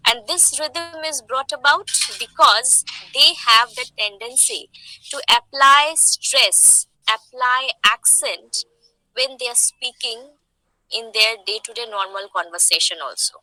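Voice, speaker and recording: A woman's voice: high voice, sharp tone, no echo, poor audio. A woman from India with an Indian English accent, teaching a class. She explains patiently, repeats her points and asks the students questions. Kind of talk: online lecture.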